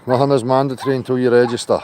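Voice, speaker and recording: A man's voice: medium pitch, little pitch movement, very fast, noisy background. A man hosting a casual livestream outdoors, chatty and loose, swearing now and then. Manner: chatty, greets viewers by name, swears in asides. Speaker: livestream host.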